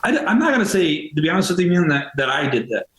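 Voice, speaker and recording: A man's voice: on the high side, sing-song, quick pace, a bit bright, reverberant, poor audio. A man who co-founded a veterans' nonprofit, speaking earnestly and casually in a podcast interview, with many fillers and restarts. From United States.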